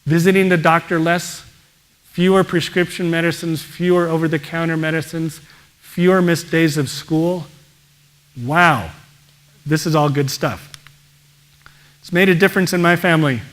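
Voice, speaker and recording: Brief: male pediatrician presenter, upbeat and exclamatory, slightly high voice. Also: moderate pace, pauses often. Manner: energetic, exclaims wow often. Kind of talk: enthusiastic presentation talk.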